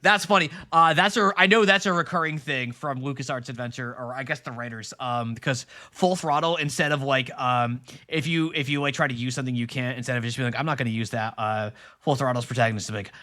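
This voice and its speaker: A man's voice: mid-range voice, fast talker, pushed and bright. A man streaming a point-and-click adventure game live, chatting casually with playful, teasing, rambling asides. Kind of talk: casual live let's-play commentary.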